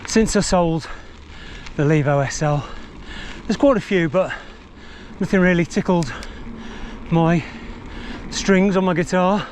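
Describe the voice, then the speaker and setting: A man's voice: high-pitched, slow, a little mellow, a little hiss or hum. A man giving chatty, meandering commentary outdoors while out riding and reviewing a mountain bike. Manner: chatty, meandering, self-deprecating. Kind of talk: rambling ride commentary. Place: outdoors on countryside trails.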